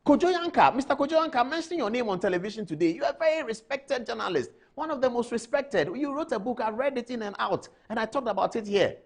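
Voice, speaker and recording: A man's voice: extremely high pitch, lively intonation, fast talker, few pauses. A man with a Ghanaian English accent giving emphatic studio commentary as a TV news anchor, addressing people directly.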